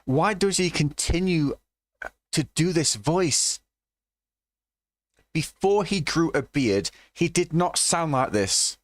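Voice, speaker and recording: A man's voice: on the high side, expressive, slow, pauses often, dry recording. A man giving sweary, mocking reaction commentary on a cheap microphone. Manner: sweary, mocking, laughs often. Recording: dry cheap home mic.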